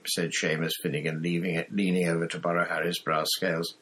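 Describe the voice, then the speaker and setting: Brief: low male audiobook narrator, measured. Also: little pitch movement, bright, forceful tone, breathy edge. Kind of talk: audiobook reading.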